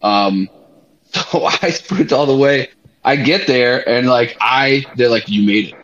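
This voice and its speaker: A young man on a podcast, telling a story in a loose, animated way, swearing freely and using lots of fillers. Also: mid-range voice, slow pace. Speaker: podcast co-host. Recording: slightly muffled podcast audio.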